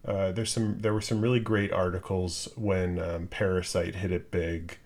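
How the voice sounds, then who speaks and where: A man with a very low, gravelly voice talks about films in a casual podcast chat. His delivery stays flat and even, and he stops and restarts often, filling pauses with ums. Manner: hesitant, many fillers and restarts. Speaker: podcast co-host. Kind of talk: casual film discussion.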